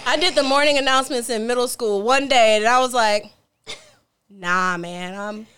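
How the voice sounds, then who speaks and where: A woman's voice: high voice, quick pace, a bit bright. A woman co-hosting a comedy podcast, blunt and profane in casual chat, often breaking into laughter. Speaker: podcast co-host. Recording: faint background noise.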